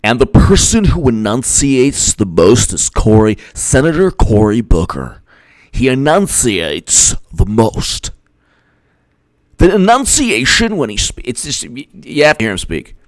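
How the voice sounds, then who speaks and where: A man riffs sarcastically through a casual livestream, his pitch swooping up and down in lively, mocking bursts. The sound is dry and close, with no room around the voice. He keeps laughing and breaking off to answer viewers' chat. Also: unhurried, dry recording. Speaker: political commentator, host.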